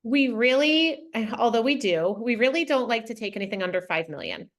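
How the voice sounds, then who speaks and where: A woman's voice: a little high, lively intonation, a little fast. A woman guest in an interview, speaking bluntly and frankly, with many fillers and restarts. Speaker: interview guest, funding consultant. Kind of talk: casual interview talk.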